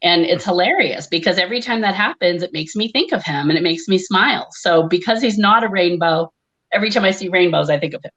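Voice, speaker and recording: A woman's voice: fairly low pitch, fast, fairly bright tone. A woman telling a personal story in a wry, conversational way, laughing often. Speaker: conference speaker, comedian. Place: live online conference.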